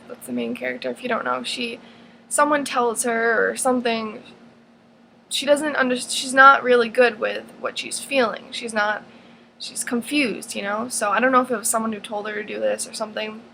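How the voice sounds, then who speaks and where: Earnest teenage girl with a gravelly voice. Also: fairly high pitch, fairly bright tone, a little hiss or hum, rough recording. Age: teens. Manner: earnest, rambling, many fillers and restarts. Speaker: vlogger. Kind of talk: casual advice vlog.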